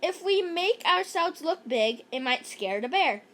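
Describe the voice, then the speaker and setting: A woman reading aloud and voicing a bossy, clever young girl who shouts orders. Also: extremely high pitch, expressive, measured pace, exaggerated voice. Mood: commanding.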